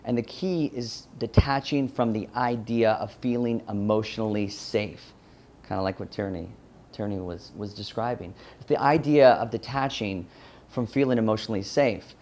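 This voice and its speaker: A man's voice: medium pitch, a little mellow. A man from Louisiana with a Southern twang, giving a personal story talk, earnest and often restarting himself. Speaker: speaker.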